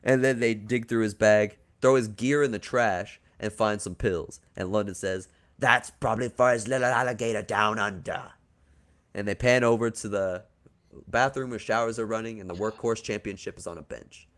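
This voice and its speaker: A man's voice: on the low side, moderate pace. A man hosting a podcast, casually walking through a storyline he has written, joking and crude at times. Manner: laid-back, joking, crude. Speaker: podcast host pitching a wrestling storyline.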